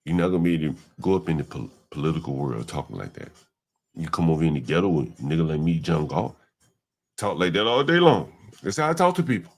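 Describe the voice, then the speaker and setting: Animated blunt man reacting on stream. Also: very deep voice, fast talker. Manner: animated, blunt, slangy, talks back at clips. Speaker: livestream host. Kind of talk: casual reaction commentary.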